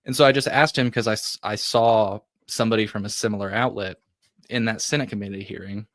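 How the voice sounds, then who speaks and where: Low-voiced man rambling through a story. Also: fairly even intonation, brisk, a bit bright, dry recording. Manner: rambling, heavy use of "like", frequent restarts. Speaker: podcast host. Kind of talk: casual personal storytelling.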